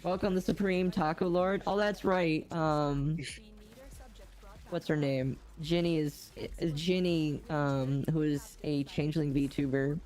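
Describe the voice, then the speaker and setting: A woman's voice: low-pitched, fairly even intonation, slow pace, a little mellow. A woman hosting a game livestream, chatty and giggly, often exclaiming as she talks. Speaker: streamer host. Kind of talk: casual livestream chat.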